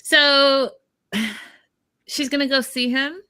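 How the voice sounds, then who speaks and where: Woman, co-host, casual recap chat, blunt, opinionated, tense bright tone. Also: high-pitched, extremely slow. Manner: blunt, opinionated, mocks people in quoted voices. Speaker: podcast co-host.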